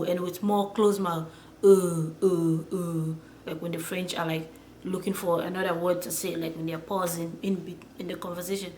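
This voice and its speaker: A woman teaching pronunciation who talks in a halting way, with many fillers and restarts. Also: medium pitch, darkish tone, echoey room. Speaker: language teacher. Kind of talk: explaining pronunciation to viewers.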